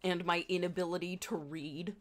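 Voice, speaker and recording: A woman with an Indiana accent chatting casually with her viewers as a livestreamer, in a wry, joking way and quick to laugh. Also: on the low side, steady tone. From Indiana, United States.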